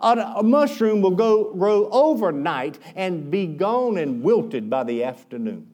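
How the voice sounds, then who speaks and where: High-voiced man preaching with folksy stories. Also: a little slow. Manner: folksy, animated storytelling with asides. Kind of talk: sermon storytelling.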